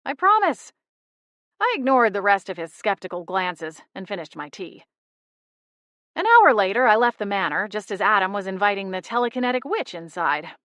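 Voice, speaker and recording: Bright, dry-voiced woman narrating. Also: medium pitch, sing-song, brisk, dry recording. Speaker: audiobook narrator. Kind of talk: first-person scripted narration.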